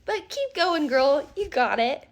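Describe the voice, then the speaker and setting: A woman's voice: very high-pitched, slow pace, bright, forceful tone, pitched above the performer's own voice, heavily acted. A woman voicing a catty, mocking female coworker who taunts a colleague. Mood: taunting. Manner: sneering, taunting.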